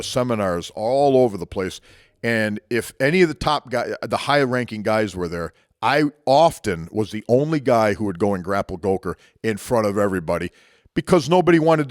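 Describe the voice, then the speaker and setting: Brief: man, middling pitch, dry close sound, reflective motivational storytelling. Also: expressive, a little fast, no echo. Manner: conversational and reflective, frequent restarts. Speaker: martial arts speaker.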